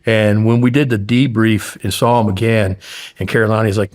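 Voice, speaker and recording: A middle-aged American man in a casual interview, telling a story with lively quoted voices and plenty of swearing. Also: lowish voice, normal speed. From United States. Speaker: podcast guest.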